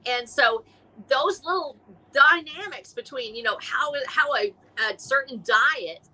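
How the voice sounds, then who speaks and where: A middle-aged woman, chatting as a guest author on a live stream, rambling and animated with many restarts. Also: high-pitched, a little slow, slightly rough, rough recording. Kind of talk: casual chat.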